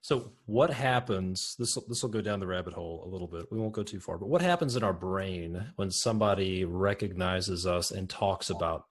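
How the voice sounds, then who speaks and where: A man hosting a podcast, asking thoughtful questions in a conversational way. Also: low voice. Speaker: podcast host. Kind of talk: conversational interview.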